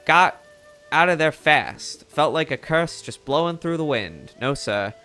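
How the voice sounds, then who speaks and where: A man voicing a chatty male bird reporter from a video game, reading the lines aloud with lively rises in pitch. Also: unhurried, smooth, faint music behind.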